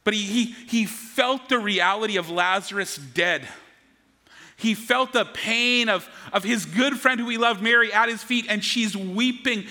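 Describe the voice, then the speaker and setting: Earnest high-voiced male preacher in a reverberant hall. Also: unhurried, sharp tone. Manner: earnest, conversational preaching with frequent word repeats. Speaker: pastor. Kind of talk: sermon. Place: church sanctuary.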